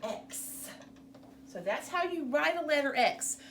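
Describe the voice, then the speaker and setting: A woman with a high voice takes her time, teaching young children in a slow, sing-song, encouraging manner. She sounds a little distant from the mic, and faint noise sits underneath. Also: lively intonation, a bit bright. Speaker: preschool teacher.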